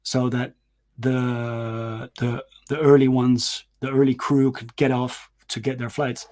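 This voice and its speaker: A man in his forties telling a personal story in a casual, halting way, pausing to search for words and repeating himself. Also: medium pitch, flat delivery, darkish tone. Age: 40s. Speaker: host.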